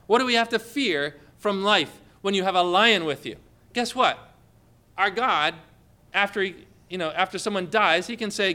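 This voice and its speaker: A male preacher giving an earnest devotional sermon in a bright, fairly high voice. His tone is clear and crisp, and he leans on expressive rhetorical questions.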